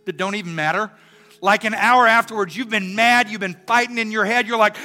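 A middle-aged man preaching a sermon and telling a story. He swings from soft and earnest to loud and animated. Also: high-pitched, fairly quick, soft background music. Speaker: pastor.

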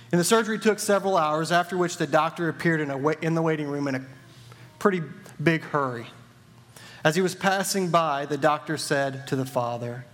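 A man's voice: a little high, brisk, fairly bright tone. A man preaching a sermon in a friendly, joking storytelling way. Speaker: church partner preaching.

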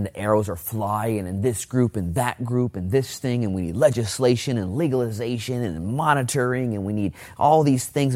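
A male pastor with a fairly low voice delivers a casual, animated sermon from a church. He reads scripture aloud, then drops into quick high-pitched character voices for the people in the story. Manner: animated, acts out Bible figures in a high put-on voice. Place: church, online service during lockdown.

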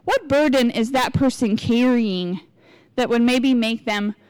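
A woman's voice: fairly high pitch, a little slow, darkish tone, clear, resonant tone, dry recording. A woman in her forties giving a casual, candid sermon in church, chatty and confessional, acting out what people say. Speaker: lay preacher.

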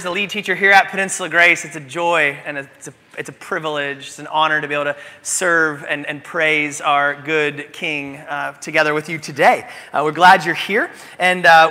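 A high, very bright male voice delivers an animated sermon, leaning into humorous stories. The long reverb of a church sanctuary trails behind his words. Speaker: pastor.

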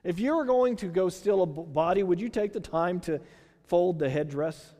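Texan pastor guy preaching, high voice, lots of rhetorical questions, long church echo. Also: normal speed, warm tone. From Texas. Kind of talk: sermon. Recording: long hall reverb.

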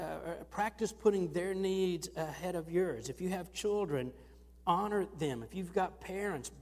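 A man preaching a sermon to his church, earnest and telling stories with lively rises. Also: sits high. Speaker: pastor. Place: church sanctuary. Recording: long reverb of a church hall.

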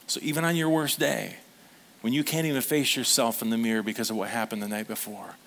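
Male pastor, sermon delivery, earnest and animated, slips into playful quoted voices. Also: mid-range voice, fast, creaky, slight background noise. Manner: earnest, gets emotional.

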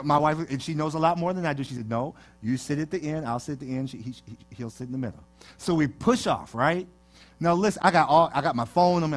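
A man preaching a sermon, telling jokes and stories to his congregation in a lively, playful way. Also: high-pitched. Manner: animated storytelling with jokes to the congregation. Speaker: pastor. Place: church sanctuary.

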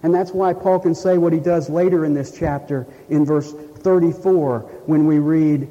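A man preaching a sermon, emphatic, slowing down to read scripture. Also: on the high side, steady tone, mellow. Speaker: pastor. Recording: dull, lo-fi sound with long reverb in a hall.

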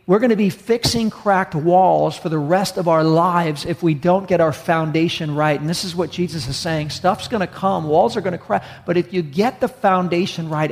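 Male pastor, gravelly, slightly high voice, mid-sermon storytelling, long hall reverb. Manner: storytelling, acts out dialogue, slows for emphasis.

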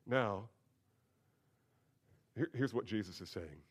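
A man preaching an expository sermon as pastor, moving between quiet asides and rising, emphatic declarations. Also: medium pitch, lively intonation, measured pace, pauses often.

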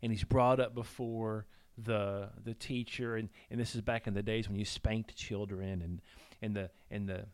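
A man hosting a podcast, telling a story in casual chat with halting restarts. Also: on the low side, fairly even intonation, darkish tone. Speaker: podcast host.

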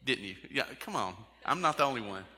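A man preaches a conversational sermon to his congregation and keeps putting questions straight to them. His voice is bright and forceful. It rings out with a long reverb through a large sanctuary. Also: medium pitch, expressive, a little fast. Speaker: pastor.

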